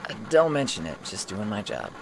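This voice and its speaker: A man voicing an aloof young male mercenary in a flat, understated way. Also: fairly low pitch, a little fast, vocal fry, background noise, full character voice. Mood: cool.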